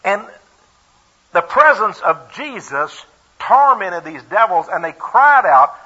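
A man preaches and tells a Bible story in a folksy, emphatic way, chuckling now and then. His voice is bright, a little high and husky. It comes through a dull, lo-fi radio broadcast. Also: very animated, slow pace. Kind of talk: sermon retelling a Bible story.

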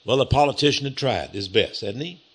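A man's voice: medium pitch, animated, fairly quick, slightly rough. A man preaching a sermon, telling the story with rhetorical questions to his listeners.

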